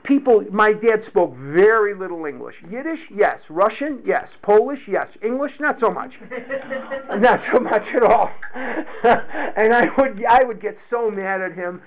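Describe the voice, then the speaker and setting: A man sharing a candid personal story of recovery, slow and reflective, often repeating his words. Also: sits high, expressive. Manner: candid and confessional. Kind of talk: personal testimony to a group. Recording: tinny phone-like recording.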